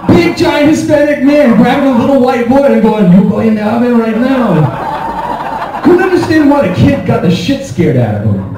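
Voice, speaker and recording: A man doing a stand-up comedy set, telling stories in an animated way and acting out the scenes. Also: high voice, heavy reverb, recorded from a distance, noisy background.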